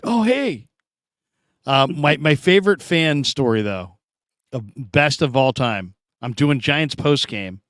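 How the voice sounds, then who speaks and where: A man's voice: medium pitch, smooth, dry recording, studio quality. A middle-aged man hosting a casual sports talk show, telling stories and acting out quoted voices with lots of energy. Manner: animated storyteller, acts out quoted voices.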